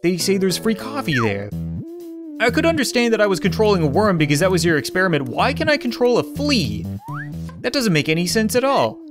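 High-voiced young guy doing lets play commentary, gets all excited, faint music underneath. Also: fast. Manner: excitable, talks to himself and the game, reads game text aloud. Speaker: gaming channel host.

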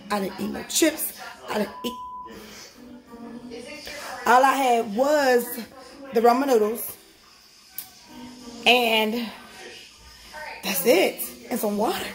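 A woman's voice: a little high, roomy sound. A woman in her thirties chatting casually to her viewers in a vlog, tired from her workout and calling them "y'all". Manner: chatty, talks straight to viewers with lots of "y'all" and "you guys". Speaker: vlogger documenting a fitness journey. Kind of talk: casual vlog chat to camera.

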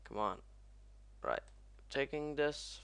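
A young man commentating as he plays a video game, excitable and swearing often. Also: mid-range voice, slow, clean tone. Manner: excitable, swears a lot, yelps at crashes. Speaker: gaming commentator. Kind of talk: let's play commentary.

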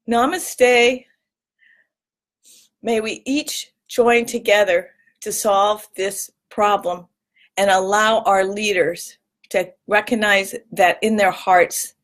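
Woman vlogger, high voice, slow and heartfelt, close to tears. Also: fairly bright tone. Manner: emotional, earnest, swings up into tearful high pitch. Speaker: vlog host giving a weekly tip. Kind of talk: heartfelt casual talk to camera.

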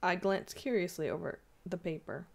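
A woman reading a classic ghost story aloud in a measured, expressive way. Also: on the low side, vocal fry.

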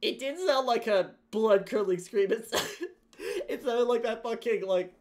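A woman's voice: a little high, unhurried, darkish tone. A woman streaming and casually commenting on horror game clips, swearing a lot and laughing freely. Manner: swears a lot, laughs often, blunt reactions.

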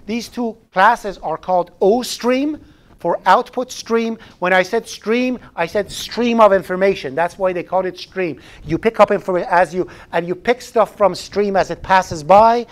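A man's voice: high voice, moderate pace. A man teaching a programming class live in a classroom, chatty, often restarting phrases and throwing in joking asides. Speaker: programming instructor.

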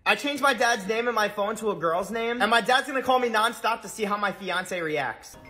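A young man hosting prank videos, playful and teasing, and getting loud and excited when a prank kicks off. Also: sits high, brisk, faint music behind. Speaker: prankster host.

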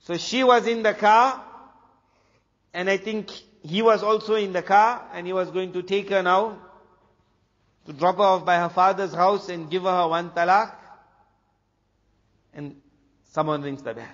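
A man from South Africa, a preacher telling a story in an animated way, dropping to a hush for the dramatic moments. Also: sits high, unhurried, long pauses. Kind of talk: storytelling talk. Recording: dull lo-fi recording with long hall reverb.

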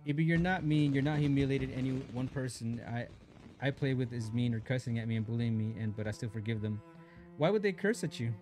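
A man's voice: mid-range voice, a little mellow, a little hiss or hum. A young man live-streaming a mobile shooter, chatting casually in slang while greeting viewers and reading chat aloud.

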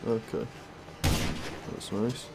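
A young British man taunting another player in online game voice chat, laughing often and swearing casually. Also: takes it slowly. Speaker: YouTube gaming creator. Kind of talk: teasing gaming voice chat.

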